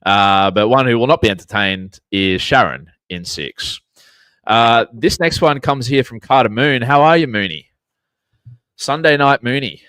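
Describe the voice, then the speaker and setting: A man's voice: medium pitch, unhurried, pushed and bright, clear, resonant tone, dry recording. An Australian man hosting a casual sports chat, laid-back and jokey, swearing freely. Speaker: podcast host reading chat.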